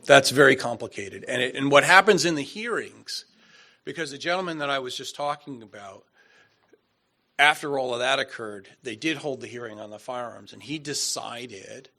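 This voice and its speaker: A man's voice: mid-range voice, pushed and bright. A man working as an attorney, answering questions at a members meeting, emphatic and repeating his points. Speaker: attorney presenting.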